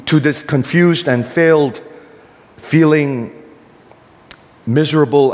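Preaching at a measured pace, an older male pastor lets his voice climb and fall in animated arcs. He leans on rhetorical questions to make his case, and the long echo of a spacious hall trails his words.

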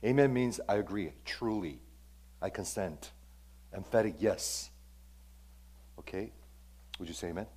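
Emphatic low-voiced male pastor preaching. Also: unhurried, long pauses, darkish tone, slightly rough. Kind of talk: sermon.

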